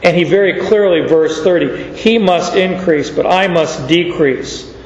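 A male pastor preaching a sermon, teaching slowly through Bible verses with chuckles. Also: fairly high pitch. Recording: echoey church hall, dull sound, faint noise.

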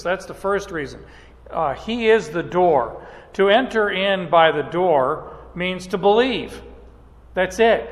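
Slow-talking male Bible teacher in a reverberant hall. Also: high-pitched. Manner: unhurried, with frequent "uh" pauses and restarts. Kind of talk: verse-by-verse Bible lecture.

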